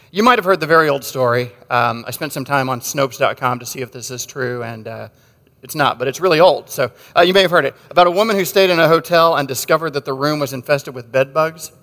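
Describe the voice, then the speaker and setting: A man with a somewhat high voice preaches a sermon in an easy, joking way. He tells stories and drops wry asides. His voice rings on in the long reverb of a church hall. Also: fairly bright tone. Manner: conversational and wry, with asides and jokes. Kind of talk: sermon with storytelling.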